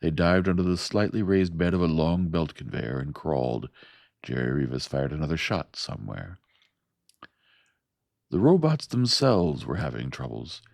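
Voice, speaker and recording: Man, very low voice, gravelly, soft-spoken audiobook narration, dry close mic. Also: lively intonation, moderate pace, dry recording.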